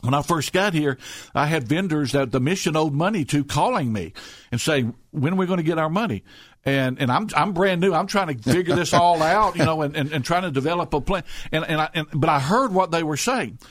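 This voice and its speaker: A man's voice: a little high, expressive, brisk, a bit bright, no echo, studio quality. Earnest middle-aged man telling a story. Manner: earnest storyteller with many restarts and repetitions. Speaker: rescue mission director, guest. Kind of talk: conversational radio interview.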